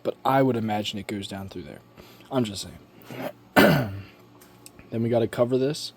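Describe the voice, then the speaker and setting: A man's voice: mid-range voice, moderate pace, gravelly, a little hiss or hum. A man talking casually while he works on a model plane in his home workshop, rambling and offhand, with slang and swearing. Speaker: hobbyist building a model plane.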